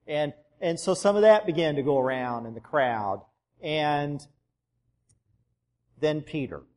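A man pastor giving a sermon in a church, telling the story conversationally and dropping soft for emphasis. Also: fairly high pitch, expressive, unhurried, big-room sound.

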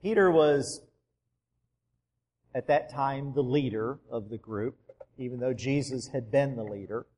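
A man pastor giving a sermon in a church, telling the story conversationally and dropping soft for emphasis. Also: medium pitch, unhurried, pauses often, big-room sound.

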